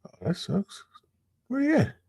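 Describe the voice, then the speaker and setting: A man hosting a reaction commentary show, talking in a slangy, animated way straight to his audience. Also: high-pitched, measured pace, vocal fry, breathy edge. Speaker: host.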